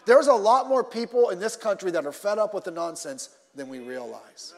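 High-voiced preaching man in a reverberant hall. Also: moderate pace. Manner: animated preaching, repeats words, sudden loud and soft swings. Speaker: pastor. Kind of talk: sermon.

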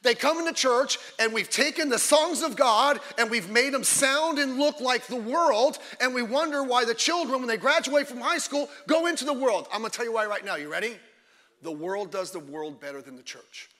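A man preaching a sermon as a pastor, emphatic and fiery, often breaking off into quick asides. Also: very high-pitched, sharp tone, big-room sound.

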